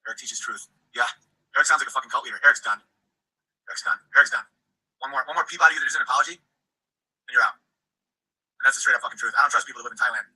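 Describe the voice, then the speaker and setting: Very bright, profane ranting man. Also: medium pitch, rapid-fire, long pauses, breathy edge, rough recording. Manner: profane, shouting threats, repetitive; reading chat comments aloud. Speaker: livestreamer. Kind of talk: angry livestream rant.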